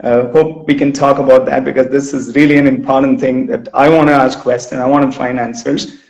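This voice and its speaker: A man's voice: medium pitch, flat delivery, a little fast, a little mellow, lo-fi sound. A man hosting an interview as a running coach, rambling and restarting with repeated words. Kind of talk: casual interview chat. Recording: roomy echo.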